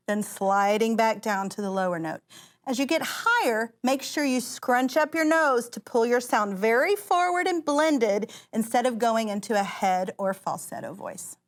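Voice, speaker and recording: A woman vocal coach, giving an encouraging voice lesson and guiding singers through exercises. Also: fairly high pitch. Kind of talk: voice lesson instruction. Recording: loud piano music behind the voice. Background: piano.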